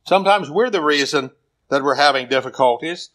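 An American man preaching a sermon. His questions rise to a plea, and he drops low and soft when he reads scripture. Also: brisk. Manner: emphatic, rising to pleading questions, dropping low and soft on scripture.

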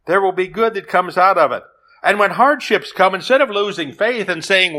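A man preaching a sermon in an earnest, measured way. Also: high voice, sharp tone. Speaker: pastor.

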